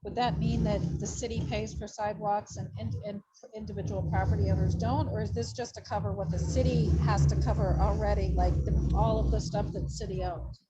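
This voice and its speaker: A woman's voice: mid-range voice, steady tone, fairly quick, hardly any pauses, dull audio, very noisy. A woman on an advisory board asking questions at a public meeting in a curious, tentative way.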